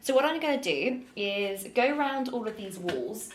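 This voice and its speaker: A woman's voice: fairly high pitch, very animated, moderate pace. A young British woman chatting casually while she cleans an office, often drifting into tangents, recorded on a camera set down in the room. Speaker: cleaning vlogger. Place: office building indoors. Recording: echoey room with faint noise.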